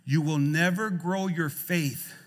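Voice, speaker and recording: A man's voice: fairly high pitch, fairly even intonation, slow pace. Impassioned preacher man in a reverberant hall. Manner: impassioned preaching, repeats phrases, swings loud and soft. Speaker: pastor. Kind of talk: sermon. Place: church sanctuary.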